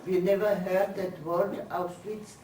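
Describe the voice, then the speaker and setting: An older woman giving her testimony as a lecture, speaking slowly and searching for words. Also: lowish voice, little pitch movement, dark tone, slight background noise. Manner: slow, halting, searching for English words. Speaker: Holocaust survivor giving testimony. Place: lecture hall. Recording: roomy hall, voice from far off.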